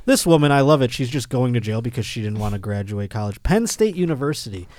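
A man's voice: medium pitch, animated, fast talker, a little mellow. A man hosting a comedic podcast, riffing on odd news stories and laughing often. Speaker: podcast host.

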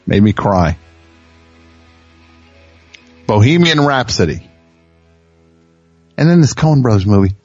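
A male radio host in a rambling comic monologue, mocking himself and restarting his sentences often. His voice sits at an ordinary pitch. The sound is dull and lo-fi, with faint music underneath. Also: darkish tone, breathy edge, no room sound.

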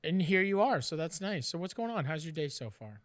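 A man's voice: on the high side, sing-song, fairly quick. A man hosting a call-in podcast, teasing callers and his co-host with playful profane banter. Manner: playful, teasing, swears freely. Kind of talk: rowdy casual banter.

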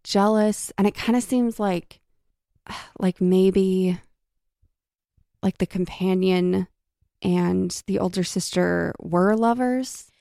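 Brief: woman, low and very gravelly, dry close recording, casual book-club co-host. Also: slow, pauses often, mellow, dry recording. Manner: reads passages aloud, then chats loosely with fillers. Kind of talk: casual book chat with read-aloud passages.

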